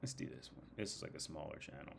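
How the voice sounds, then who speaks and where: A man's voice: extremely low pitch, lively intonation, fast talker, vocal fry, slight background noise. A man hosting a livestream in a casual, rambling, profane style, full of fillers, who breaks into imitations of British and Irish accents. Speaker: livestream host.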